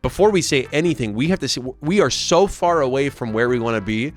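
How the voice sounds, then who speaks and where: Animated young man telling a story. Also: mid-range voice, a little fast, soft background music. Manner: animated, rambling, mimics people he quotes. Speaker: streamer. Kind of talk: casual storytelling to camera. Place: home streaming setup. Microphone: studio mic.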